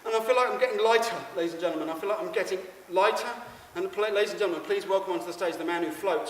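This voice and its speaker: Male stage performer, stammering absurd monologue; higher voice, distant mic, reverberant venue. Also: very fast, hardly any pauses, very noisy. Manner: rambling, stammering, addresses the audience. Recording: echoey hall, mic far off.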